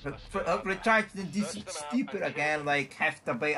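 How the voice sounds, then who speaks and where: A man's voice: a little high, fairly quick, bright, forceful tone. A man chatting while playing a video game, joking in a put-on Scottish accent and laughing a lot. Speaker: gamer. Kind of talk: casual gaming chat.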